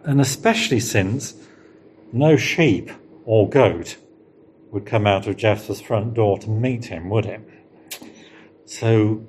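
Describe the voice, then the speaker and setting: Slow, low-voiced male preacher. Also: darkish tone, slight background noise. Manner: rhetorical questions, emphatic rises and slowed stresses. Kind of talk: sermon.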